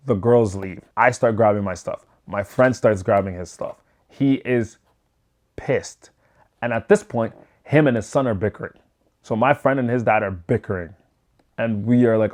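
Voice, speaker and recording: A young man telling a story in a casual vlog, animated and loose, swearing freely and acting out what people said. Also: fairly low pitch, moderate pace. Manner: loose and profane.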